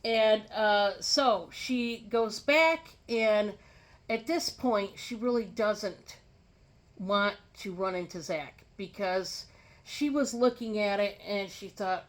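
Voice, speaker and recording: A woman casually telling a story to her viewers, chatty, with many fillers. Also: mid-range voice. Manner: chatty and drawn-out, lots of fillers. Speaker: storyteller vlogger.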